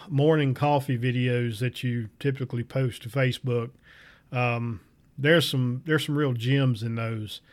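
A male podcast host with a middle-pitched voice chats casually with his guest. He agrees readily, speaking haltingly with plenty of fillers and restarts. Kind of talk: casual interview chat.

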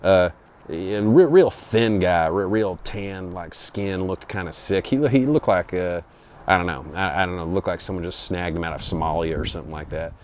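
Low-voiced man rambling crudely. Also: normal speed, a little mellow, slight background noise. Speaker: storyteller. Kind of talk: improvised comic monologue. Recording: dull lo-fi audio.

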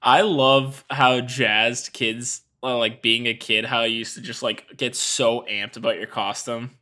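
A man's voice: mid-range voice, steady tone, a little slow, pushed and bright. A young man co-hosting a podcast, playful and joking in casual chat. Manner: playful, laughs between jokes. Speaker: podcast co-host.

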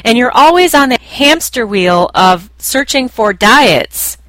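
A woman's voice: a little high, animated, slow, fairly bright tone, no echo. A woman hosting her own weight loss coaching podcast, speaking straight to the listener in an emphatic, repetitive monologue.

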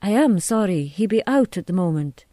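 A woman's voice: medium pitch, expressive, normal speed, dark tone, no room sound, studio quality, lightly acted. A woman voicing a slim, composed young woman answering a door, courteous and formal, in a storybook reading.

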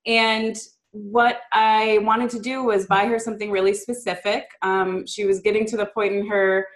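A woman's voice: medium pitch, little pitch movement, moderate pace. A woman being interviewed about the children's book she wrote, chatty and upbeat, with lots of "um" and "like". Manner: chatty and upbeat, many fillers like "um" and "like"; mimics a child's voice in quotes. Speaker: guest, children's book author. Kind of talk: casual interview chat.

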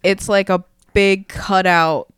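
A podcast co-host chiming in with teasing, deadpan remarks in casual chat. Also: medium pitch, slow, clean tone, no room sound, studio quality.

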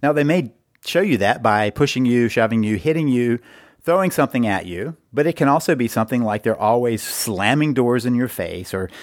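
A man's voice: medium pitch, animated, fairly quick, no echo, studio quality. A middle-aged man hosting an advice podcast, explaining marriage boundaries in an earnest way and repeating words for emphasis. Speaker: podcast host and marriage coach.

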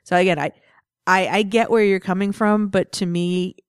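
A woman's voice: medium pitch, steady tone, normal speed, clear, resonant tone, no room sound, clean studio sound. A woman co-hosting a casual comic book review chat, talking in a chatty way and laughing often.

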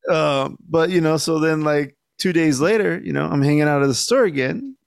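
A young man on a podcast telling a story in casual chat, laid-back and swearing a lot, acting out the shouted lines he quotes. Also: on the high side, moderate pace, gravelly, clear, resonant tone, no room sound, clean studio sound. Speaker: podcast co-host.

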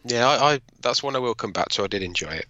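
Bright-voiced man with a Northern English accent. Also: mid-range voice, animated, highs cut off. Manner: jokey, rambling, quick to tease. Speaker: podcast co-host. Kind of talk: casual chat.

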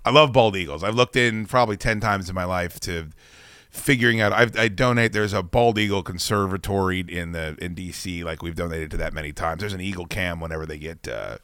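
A man hosting a podcast, telling rambling, profane anecdotes in a casual, animated way. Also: deep voice, brisk, clean tone, no echo, studio quality. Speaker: podcast host. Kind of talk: casual storytelling chat.

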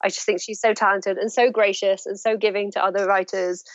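A woman author chatting in an interview, telling stories with lively asides and acting out what people said. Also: mid-range voice, a little fast, dry recording, dull audio. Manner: animated storytelling, acts out quoted voices.

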